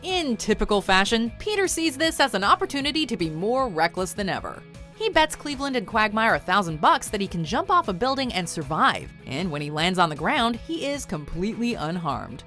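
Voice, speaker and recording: A woman reading a scripted countdown narration with a wry, lively delivery. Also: mid-range voice, a little fast, faint music behind.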